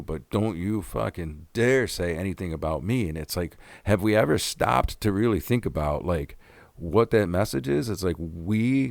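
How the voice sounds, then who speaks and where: A man's voice: sits low, no room sound. A man in his forties hosting a podcast, telling a rambling story with plenty of swearing. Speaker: podcast host. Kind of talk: casual monologue.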